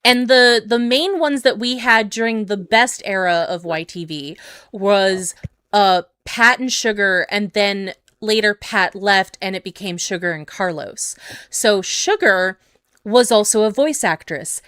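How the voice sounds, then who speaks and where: Smooth-voiced woman host, rambling. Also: mid-range voice, a little slow, fairly bright tone, no echo, studio quality. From Canada. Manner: rambling, many fillers. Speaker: podcast host. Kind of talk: casual chat over a call.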